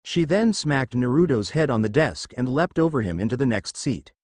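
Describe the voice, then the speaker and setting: Man narrating a fan story, lively pitch. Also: moderate pace, dry recording, studio quality. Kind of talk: reading a fan fiction story.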